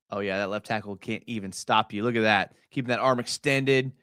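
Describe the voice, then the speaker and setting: A young man hosting a casual live stream. He breaks down game film in a chatty way, full of fillers, and gets excited as he talks. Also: lowish voice, brisk, clean tone, no room sound, studio quality.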